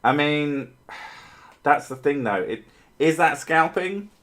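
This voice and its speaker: A man's voice: fairly high pitch, lively intonation, slow pace, a bit bright. A man chatting casually on a livestream, answering viewers' comments in a rambling way, with frequent fillers, restarts and offhand swearing. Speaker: streamer answering chat.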